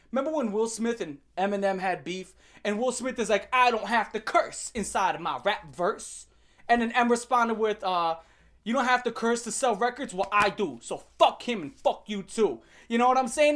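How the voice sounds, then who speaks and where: A woman ranting in commentary, heated and mocking, rambling with many restarts. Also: a little high. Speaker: commentary ranter. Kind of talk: rant commentary.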